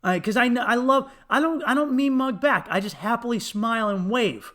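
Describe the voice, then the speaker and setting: A comedian hosting his own podcast, telling a story in a fairly high voice. He swears freely and laughs through his lines. He acts out little bits of dialogue as he goes. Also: moderate pace. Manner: profane, laughing, animated retelling with acted quotes.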